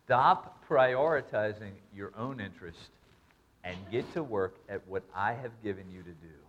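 A pastor preaching a sermon, reading scripture and repeating points with emphasis. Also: male voice, fairly low pitch, moderate pace, a bit bright, dull audio, slight background noise.

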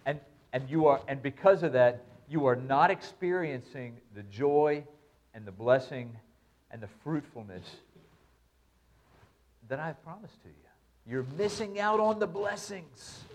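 A pastor preaching a sermon, reading scripture and repeating points with emphasis. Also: male voice, a little high, expressive, a little slow.

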